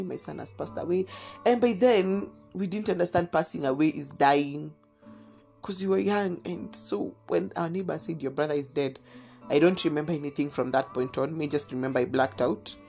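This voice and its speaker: Low-voiced woman, earnest storytelling. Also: a little mellow, husky. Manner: earnest, halting, with fillers and restarts. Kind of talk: personal storytelling.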